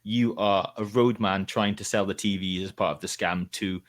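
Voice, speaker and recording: A man's voice: on the low side, steady tone, moderate pace, dry recording. A man hosting a podcast in casual, chatty talk, laughing easily. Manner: chatty, laughs often, restarts. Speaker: podcast host. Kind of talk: casual chat.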